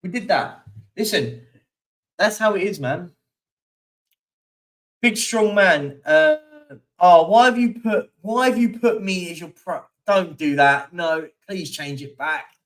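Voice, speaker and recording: Chatty man with a fairly high voice. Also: lively intonation, slow, long pauses, far from the mic. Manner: rambling, chatty, reads out stats with many fillers. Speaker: livestream host. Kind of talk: casual live-stream chat reading viewer comments.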